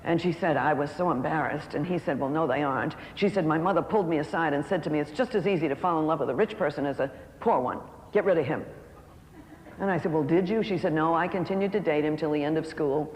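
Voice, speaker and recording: Speaker telling a sermon story, heartfelt, slows down on the big lines, echoey hall with a bit of hiss. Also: medium pitch. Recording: echoey hall with faint background noise.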